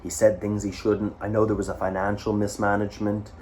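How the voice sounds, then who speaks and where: A Canadian male vlogger tells a war story in a lowish, darkish voice with completely flat delivery at a fairly quick pace. He rambles, swears, and fills his talk with fillers and asides, and a little hiss or hum sits in the recording.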